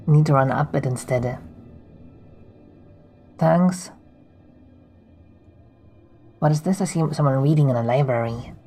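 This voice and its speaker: A game streamer reading on-screen game text aloud while playing, in a slow, plain reading manner. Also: mid-range voice, darkish tone, low-quality recording.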